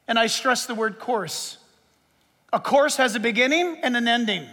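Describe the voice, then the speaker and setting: A man's voice: very high-pitched, expressive, measured pace, pushed and bright. A man preaching a sermon from a stage, fervent and emphatic, repeating phrases for stress. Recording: long reverb of a big hall.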